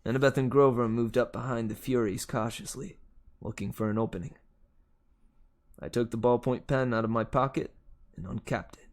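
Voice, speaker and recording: Man reading a novel aloud. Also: medium pitch. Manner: steady first-person narration. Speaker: audiobook reader.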